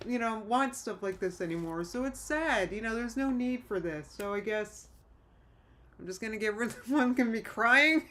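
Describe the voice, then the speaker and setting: A woman's voice: a little high, expressive, moderate pace, fairly bright tone. Female streamer, casual rambling chat, sentimental, talks straight to viewers. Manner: rambling, reads chat comments aloud, restarts often; nostalgic and emotional. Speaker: livestream host.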